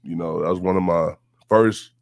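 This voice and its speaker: A man's voice: low voice, steady tone, moderate pace, no room sound, studio quality. A man from Houston with a Southern accent, telling stories in a laid-back, profane interview chat and laughing often. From Houston, Texas. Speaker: guest. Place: radio station studio.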